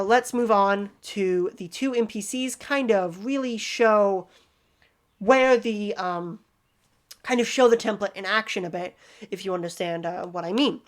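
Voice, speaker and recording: A woman casually explaining tabletop game character tips in a rambling, self-deprecating way. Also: a little high.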